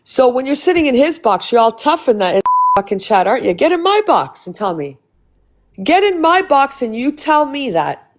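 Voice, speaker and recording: A woman's voice: high voice, very animated, normal speed, a little hiss or hum. A woman hosting a phone livestream, ranting in a heated, profane and confrontational way while thanking viewers for gifts. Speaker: livestream host. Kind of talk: casual livestream rant.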